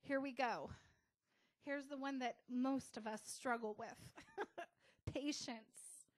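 A middle-aged American woman pastor giving a casual, conversational sermon with soft asides. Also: high voice, slow pace.

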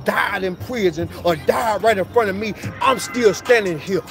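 High-voiced man preaching street motivation. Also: moderate pace. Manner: street slang, repetitive preaching cadence. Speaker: motivational speaker. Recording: clear music bed under voice.

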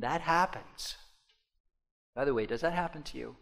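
A man preaching a sermon as pastor, speaking directly to the congregation and swinging from quiet asides to loud emphatic passages. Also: on the high side, normal speed, creaky, pauses often. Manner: addresses congregation directly with repeated "okay?".

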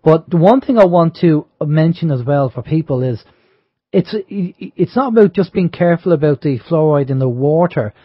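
A man's voice: a little high, animated, normal speed, no echo, lo-fi sound. A man hosting a radio talk show, speaking earnestly in a rambling way with many fillers. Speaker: radio host.

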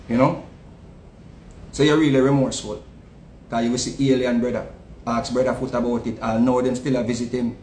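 A man with a Jamaican accent giving a casual, animated commentary, often repeating words and swinging between loud outbursts and low asides. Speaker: online commentator. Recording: echoey room with faint rumble.

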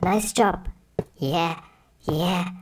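A woman's voice: on the low side, drawn-out words, noisy background. A woman as a cheering little pig. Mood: excited. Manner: eager cheering.

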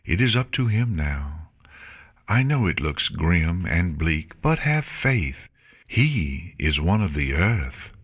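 A man reading an audiobook and voicing a gentle, regal female pony princess who speaks softly, kindly and formally. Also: sits low, very animated, takes it slowly, husky, full character voice. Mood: reassuring. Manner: soft, kindly, formal speech without contractions. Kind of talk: audiobook reading of fan fiction.

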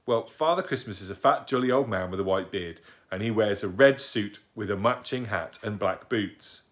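A man's voice: fairly low pitch, moderate pace, close to an everyday voice. A man reading aloud and voicing a chatty, bossy little girl who explains things eagerly. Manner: eager, explaining, matter-of-fact.

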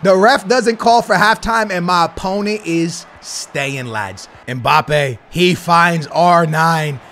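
A man's voice: a little high, takes it slowly, a little hiss or hum. Hyped young man commentating gameplay. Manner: hyped, shouts at goals, casual slang. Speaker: gaming YouTuber.

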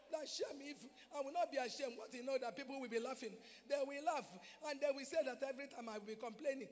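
A woman with a Nigerian Igbo accent preaching a sermon at a convention, impassioned and at times shouting exhortations. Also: high voice. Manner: impassioned, shifts between speaking and shouting exhortations. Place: convention hall. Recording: long hall reverb.

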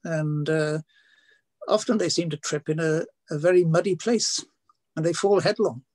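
An older man preaches from the pulpit, his voice a little high and breathy. He tells homely stories, stumbling over fillers and restarts. The sound is dry and close. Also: normal speed, darkish tone, dry recording. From Wales. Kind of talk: sermon.

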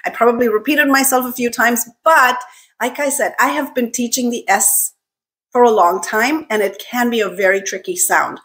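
A woman's voice: on the high side, moderate pace, a bit bright. A woman teaching English pronunciation, carefully modeling each word three times for learners to repeat. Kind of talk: pronunciation lesson with repeat-after-me drills.

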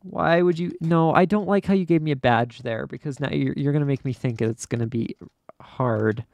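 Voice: medium pitch, normal speed, darkish tone, no echo, muffled recording. A young adult gamer giving casual let's play commentary, dramatically exasperated and often laughing at their own struggles. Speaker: gamer playing an obstacle course game.

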